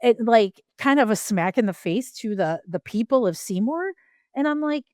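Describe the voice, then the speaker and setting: A woman co-host talks in frank, rambling casual chat, hedging with ums and restarts. Her voice is smooth and clear at a middle pitch. It is recorded close and dry. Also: lively intonation, moderate pace, darkish tone, no room sound.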